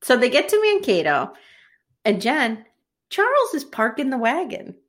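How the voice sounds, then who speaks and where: Animated woman recapping a show. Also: high-pitched, unhurried. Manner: animated, jokey storytelling. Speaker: podcast co-host recapping a TV episode. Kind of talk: casual chat.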